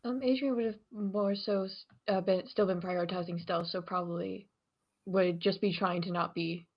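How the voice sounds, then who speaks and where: A woman's voice: medium pitch, steady tone, moderate pace. A woman playing in a tabletop game, talking thoughtfully and trailing off. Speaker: player. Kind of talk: casual game talk. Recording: dull lo-fi mic.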